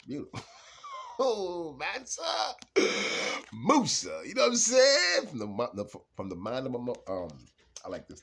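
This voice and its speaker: A man does a relaxed, meandering tarot reading, laughing a lot and shifting between quiet mumbling and sudden loud outbursts.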